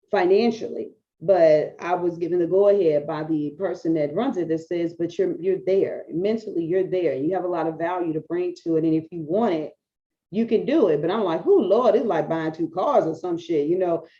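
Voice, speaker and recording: A woman's voice: lowish voice, highs cut off. Blunt, profane woman coach talking to camera. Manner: blunt, profane, animated storytelling. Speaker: business coach. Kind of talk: casual talking-head video.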